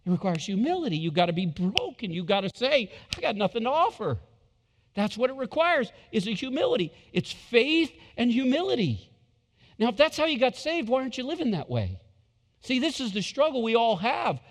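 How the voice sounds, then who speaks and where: A male pastor with a high, bright-toned voice preaching in a church. He is emphatic, repeats key lines and slips into acted quotes, with a long reverb trailing each phrase around the sanctuary. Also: very animated, fairly quick. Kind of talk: sermon.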